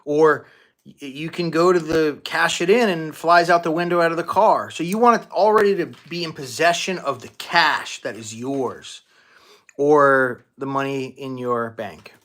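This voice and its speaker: A man hosting a live-stream Q&A as a manifestation coach, talking casually with many restarts and fillers and thanking donors excitedly. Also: on the high side, measured pace. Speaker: manifestation coach and livestream host. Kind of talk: live-stream Q&A, answering viewer questions.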